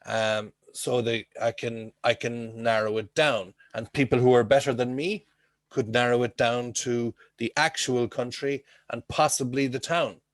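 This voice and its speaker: Male teacher, mid-pitched voice, dry sound on a video call; explains patiently, checks in often. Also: fairly even intonation, a little slow, no echo. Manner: explains with homely comparisons, checks in with frequent "okay?". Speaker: English teacher. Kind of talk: online class teaching.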